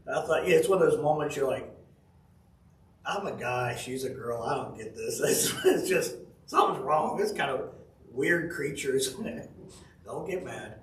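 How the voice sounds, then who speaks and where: A man's voice: mid-range voice, expressive, measured pace, a little hiss or hum. A man giving a casual devotional sermon, telling folksy family stories with chuckles. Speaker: pastor. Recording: roomy audio from a distant mic.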